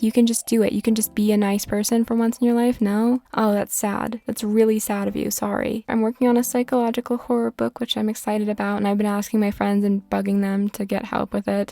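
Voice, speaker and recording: A woman's voice: mid-range voice, dark tone. A woman chatting casually while playing a life-sim game, rambling from topic to topic, sarcastic, swearing at the game now and then. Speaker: gaming vlogger.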